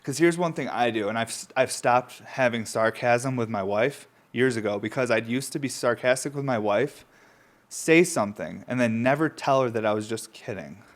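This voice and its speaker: A man's voice: mid-range voice, moderate pace. A young man from upstate New York hosting his own podcast, telling loose rambling stories between coughs and swearing casually, with a runny nose from smoking. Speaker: podcast host.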